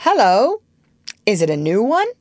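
A woman's voice: medium pitch, wildly swooping pitch, a little slow, no room sound, studio quality, pitched above the performer's own voice. A woman reading aloud and voicing an eager, demanding boy who never grew up. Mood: cheerful. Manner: bold, demanding, then frightened. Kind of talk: storybook reading.

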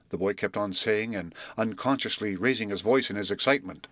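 A man calmly reading a chapter of an adventure book aloud as an audiobook narrator. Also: fairly low pitch, fairly quick, hardly any pauses, dry recording. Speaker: audiobook reader. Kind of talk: storybook narration.

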